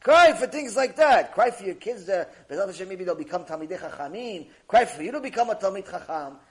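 A man giving a mussar lesson on Jewish ethics, animated and acting out little dialogues, reading Hebrew passages quickly. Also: high-pitched. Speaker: Torah teacher. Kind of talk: mussar lecture.

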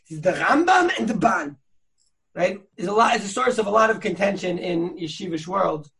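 A man's voice: sits high, creaky, fairly bright tone. A man hosting a podcast, teaching Torah sources in a chatty, slangy way with many fillers and restarts. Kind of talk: casual learning chat.

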